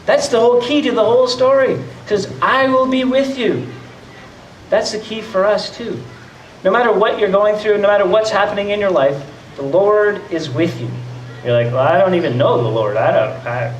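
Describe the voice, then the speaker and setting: This pastor's voice is high-pitched and moves at a normal pace as he delivers a conversational sermon, frequently impersonating doubters. Recorded from a distance in a church hall, it has a roomy echo and slight background noise.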